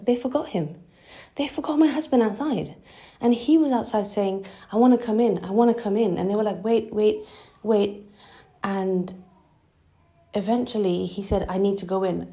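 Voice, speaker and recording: A young woman telling a personal story in a halting, emotional way, with many restarts. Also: medium pitch, gravelly, warm tone. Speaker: vlogger.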